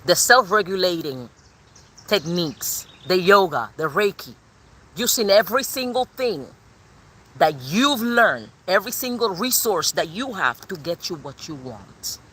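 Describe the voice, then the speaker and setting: Animated husky woman with a Cuban accent. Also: on the low side, a little slow. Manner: emphatic, repetitive, sassy. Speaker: tarot reader. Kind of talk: channeled tarot reading.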